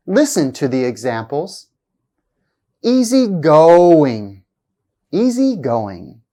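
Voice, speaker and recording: A woman reading a scripted pronunciation lesson, saying each example word slowly and deliberately with exaggerated stress. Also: low-pitched, a little mellow. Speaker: pronunciation teacher.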